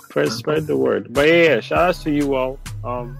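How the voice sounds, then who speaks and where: A man's voice: medium pitch, moderate pace, gravelly, faint music behind, poor audio. A young man co-hosting a podcast, joking and laughing through casual banter. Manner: playful, jokey, laughs often. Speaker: podcast co-host.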